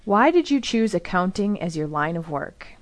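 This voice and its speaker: A woman asking a series of interview questions in a plain, even manner. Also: medium pitch, moderate pace.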